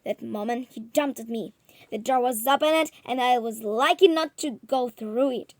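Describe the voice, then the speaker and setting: A woman reading a story aloud slowly and carefully. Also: a little high, no echo. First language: Russian.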